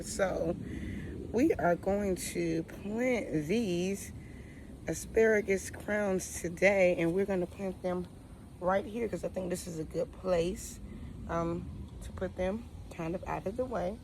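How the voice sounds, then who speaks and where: A woman's voice: medium pitch, noisy background. A woman chatting casually to viewers in a gardening vlog, talking outdoors in a yard, a little out of breath. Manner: chatty, homey, talks to viewers as y'all. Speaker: home gardener vlogger.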